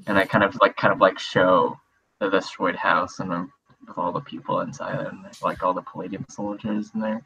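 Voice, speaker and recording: A man playing his character at a tabletop game, talking in a halting, casual way. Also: low voice, level tone, creaky, bright, forceful tone, husky, muffled recording. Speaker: player.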